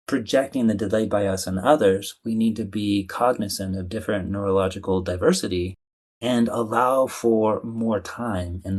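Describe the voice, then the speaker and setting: A low-pitched man, talking through ideas in an animated, conversational manner. He explains things plainly and sometimes acts out what other people say. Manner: animated, playfully acts out quoted voices. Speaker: guest, communication coach. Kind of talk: conversational interview.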